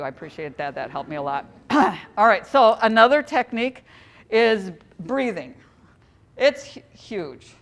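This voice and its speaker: A woman presenting a live training workshop to educators, talking in a conversational way and joking with the audience. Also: medium pitch. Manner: conversational, chatty, jokes with the audience.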